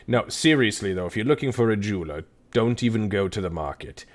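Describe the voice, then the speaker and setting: A man playing a gruff seventy-nine-year-old dwarf. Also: on the low side, animated, fairly quick, natural voice. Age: older. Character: older male dwarf, gruff but kindly.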